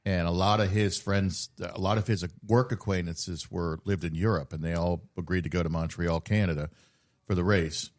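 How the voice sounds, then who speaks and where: A man's voice: low-pitched, fairly even intonation, moderate pace. A middle-aged man hosting a podcast, telling wry, rambling stories in casual chat with plenty of fillers. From South Florida. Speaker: podcast host.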